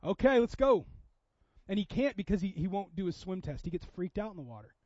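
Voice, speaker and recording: A man from Seattle with a notably high voice preaches a sermon in a talky, personal way. He restarts often and swings between loud emphasis and quiet asides. The sound is dry and somewhat dull, like a lo-fi recording. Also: sing-song, brisk, no echo. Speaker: pastor.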